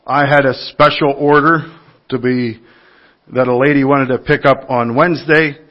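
A man's voice: medium pitch, fairly even intonation, normal speed, highs cut off. A man preaching a sermon to his congregation, telling everyday stories in an earnest, conversational way. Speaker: lay preacher.

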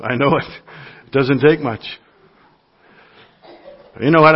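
A man's voice: medium pitch, fairly even intonation, moderate pace, long pauses, muffled recording. A man preaching a sermon to his congregation, telling everyday stories in an earnest, conversational way. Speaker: lay preacher.

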